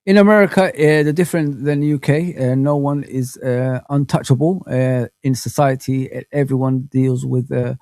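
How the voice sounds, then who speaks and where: A man hosting a live football fan chat, talking casually and reading viewers' comments, with plenty of slang fillers and animated rambling. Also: medium pitch, moderate pace, few pauses, no room sound.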